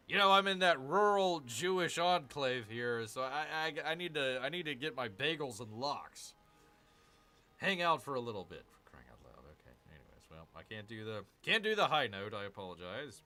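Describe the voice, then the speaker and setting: A man's voice: on the high side, big pitch swings, normal speed, sharp tone. A man streaming a strategy game, talking through his moves, reading out chat messages and grumbling in exasperation at the game's flaws. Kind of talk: gameplay commentary with chat reading.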